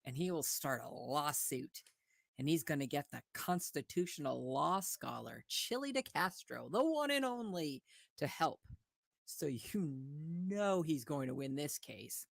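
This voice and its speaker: Lower-voiced woman narrator, wry, lively intonation, dry close recording. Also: a little slow, gravelly, no room sound. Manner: wry, sportscaster-like asides. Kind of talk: mock nature-documentary commentary.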